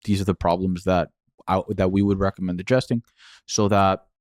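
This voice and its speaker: A male entrepreneur guest explaining things in a steady, practical manner over casual interview chat. His voice sits low and the recording is dry and close-miked. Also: fairly quick, no echo.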